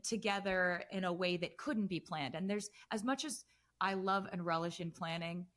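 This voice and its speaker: A woman in her thirties, a guest on a casual podcast, telling animated stories with lots of fillers. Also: lowish voice, normal speed. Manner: chatty, animated storytelling with frequent fillers. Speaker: guest musician.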